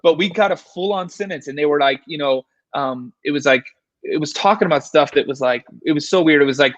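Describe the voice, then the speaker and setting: Excited man telling a ghost story. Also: fairly high pitch, brisk, no room sound, muffled recording. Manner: excited, filler-heavy, animated retelling. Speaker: paranormal investigator guest. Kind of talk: casual storytelling.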